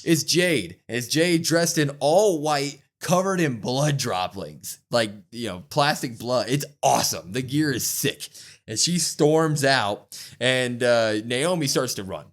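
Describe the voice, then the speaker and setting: A man co-hosting a podcast, excitedly recapping a wrestling show in casual chat and acting out the quotes. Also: medium pitch, takes it slowly. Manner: excited, acts out quotes with raised voice.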